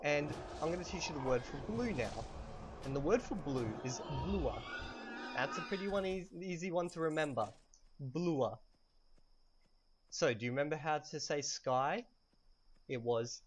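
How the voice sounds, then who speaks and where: A man teaching a language lesson while playing a game, speaking softly and keeping his voice low, patiently repeating each phrase slowly. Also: expressive, a little hiss or hum. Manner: soft-spoken, kept low. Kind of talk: casual lesson while gaming. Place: home room at night.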